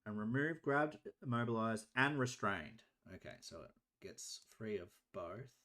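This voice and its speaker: Male game master, unhurried delivery, methodical rules explanations, livestream table game. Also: fairly low pitch, animated, sharp tone. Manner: measured, explains rules step by step. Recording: live stream.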